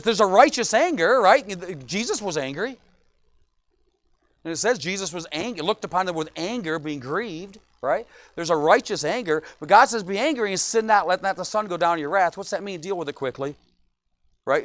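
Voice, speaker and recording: A man's voice: sits high, a bit bright, no echo. A middle-aged man, a pastor, preaching a sermon in a church, joking often and asking "right?" again and again.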